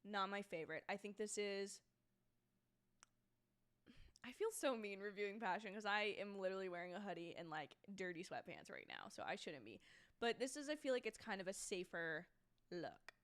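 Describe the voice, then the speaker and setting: A woman's voice: medium pitch, expressive, moderate pace, fairly bright tone. Young woman, livestream host, chatty, self-deprecating, casual at-home commentary. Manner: chatty, self-deprecating, trailing off mid-thought. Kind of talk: casual live watch-along commentary.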